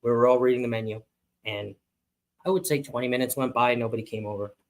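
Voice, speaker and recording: Animated male cruise storyteller. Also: fast talker. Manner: animated storyteller, acts out quotes in a high voice. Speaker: podcast co-host. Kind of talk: casual chat, storytelling.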